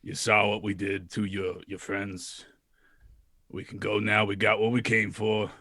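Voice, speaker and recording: A man voicing a gruff male dwarf fighter in a tabletop game, with a Brooklyn accent and a gravelly voice. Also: fairly low pitch, flat delivery, unhurried, pushed and bright, dry recording, exaggerated voice. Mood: threatening.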